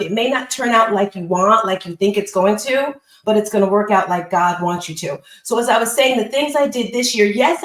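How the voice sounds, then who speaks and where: A woman's voice: mid-range voice, reverberant, rough recording. A woman hosting a live online call as a business coach, giving an upbeat, emphatic motivational talk and repeating phrases.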